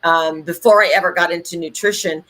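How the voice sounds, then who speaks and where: A middle-aged woman co-hosting a podcast, chatting in an animated way with many fillers and restarts. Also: fairly low pitch, fairly quick. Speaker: podcast co-host. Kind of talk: casual conversational podcast chat.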